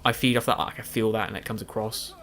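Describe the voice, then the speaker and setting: Here a gaming YouTuber speaks fast in a lowish, fairly bright voice that stays steady in tone. Yawning and tired late at night, he records meandering commentary over a video game afterward, mocking himself and filling it with restarts and fillers.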